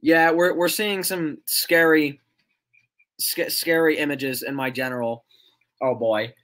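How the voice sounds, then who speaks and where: Young male streamer, casual rambly chat with frequent laughs; bright, slightly high voice. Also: steady tone, unhurried. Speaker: livestreamer.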